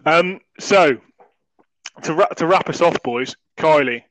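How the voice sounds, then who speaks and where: A man hosting a podcast, telling a story in quick, animated bursts. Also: fairly high pitch, no room sound, poor audio. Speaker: podcast host. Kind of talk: casual storytelling chat.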